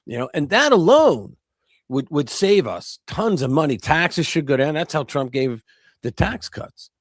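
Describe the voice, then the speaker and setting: Animated American man, very lively pitch. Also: unhurried, no room sound, studio quality. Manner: animated and emphatic, coarse language. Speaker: guest co-host. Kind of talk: casual political chat on a livestream.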